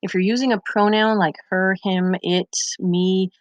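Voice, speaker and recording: A woman's voice: mid-range voice, fairly even intonation, measured pace, no echo, muffled recording. A Spanish teacher, a young woman, patiently explaining grammar step by step over her slides in a recorded lesson. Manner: patient, methodical explaining with examples.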